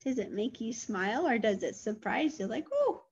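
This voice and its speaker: A woman teacher reading a picture book aloud to toddlers, gentle and full of questions, with animated sound effects. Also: on the high side, moderate pace, husky, lo-fi sound. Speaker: early childhood teacher.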